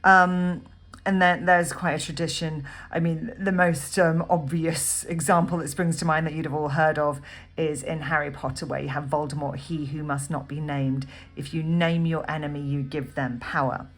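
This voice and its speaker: A woman teaching a poem in a recorded lesson, thinking aloud with frequent ums and pausing as she annotates notes on the page. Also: low-pitched, little pitch movement. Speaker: literature teacher. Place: at a desk writing notes.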